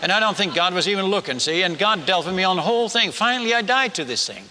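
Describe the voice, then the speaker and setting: A man telling a personal story in a sermon, chatty and animated, stumbling over restarts and asking the audience questions. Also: sits high, fast talker. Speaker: missionary preacher. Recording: echoey hall.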